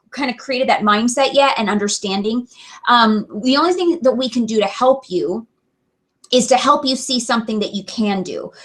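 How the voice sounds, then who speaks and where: A woman's voice: a little high, fairly bright tone. A young adult woman giving an earnest, chatty motivational talk to her sales team, full of fillers and restarts. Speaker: direct sales team leader.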